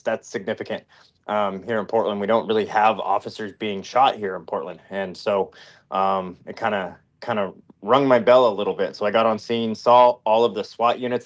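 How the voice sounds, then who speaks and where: A man reporting as a guest in a rambling, casual way, with many fillers. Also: lowish voice.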